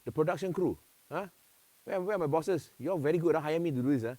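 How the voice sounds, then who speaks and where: A man's voice: a little high, fast talker, warm tone, no room sound. A man with a Singaporean accent hosting a live-streamed event, chatty and playful, slipping into local slang. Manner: talking to dogs while presenting. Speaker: event host.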